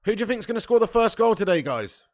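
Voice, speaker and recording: A man hosting a live football watch-along, commenting on play, cheering loudly and chatting casually with viewers. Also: high-pitched, fast talker. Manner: excitable, bursts into loud cheering, swears freely, chats to viewers. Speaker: fan watch-along host.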